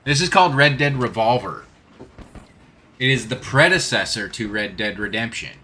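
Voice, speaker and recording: Bright-voiced male streamer, chatty and self-deprecating, casual gameplay commentary. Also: medium pitch, lively intonation, moderate pace, slight background noise.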